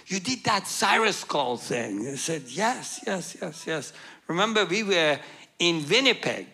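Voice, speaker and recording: Bright-voiced man telling an animated testimony. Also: fairly high pitch. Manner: animated, acts out dialogue with humor. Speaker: guest speaker. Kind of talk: testimony storytelling.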